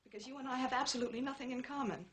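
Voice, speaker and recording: An actress playing an impulsive, emotional young newlywed wife, indignant and dramatic in a 1960s film comedy. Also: female voice, sits high, rapid-fire, a bit bright, breathy edge. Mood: tearful. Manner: indignant and dramatic, close to tears. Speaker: wife in a marital argument.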